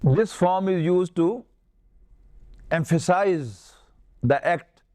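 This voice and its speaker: In a classroom lecture, an older Pakistani man who speaks Urdu natively teaches Arabic grammar, slowly drilling verb forms. His voice is high-pitched with a darkish tone.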